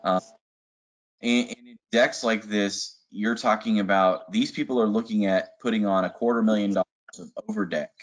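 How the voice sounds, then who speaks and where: A man's voice: lowish voice, steady tone, normal speed. A man working as a sales manager who talks casually and enthusiastically in a webinar, with frequent fillers. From Arizona. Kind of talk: webinar presentation. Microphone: video call.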